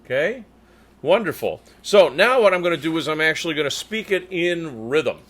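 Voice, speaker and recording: A man coaching tenors as a choir conductor, demonstrating German words slowly with crisp rolled R's between explanations. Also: on the high side, expressive, fairly bright tone. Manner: slow, deliberate delivery. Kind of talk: diction coaching lesson.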